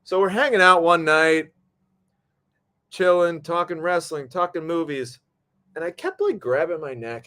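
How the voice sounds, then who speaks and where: Animated man telling a story. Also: fairly high pitch, measured pace. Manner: animated, acts out quotes, swears freely. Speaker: podcast host. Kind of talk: casual storytelling.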